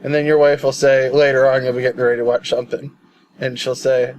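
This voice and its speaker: A man's voice: mid-range voice, level tone, quick pace, a little mellow, slight background noise, rough recording. A man co-hosting a casual movie podcast, telling rambling stories with a joking tone and frequent laughs. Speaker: podcast co-host. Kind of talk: casual chat.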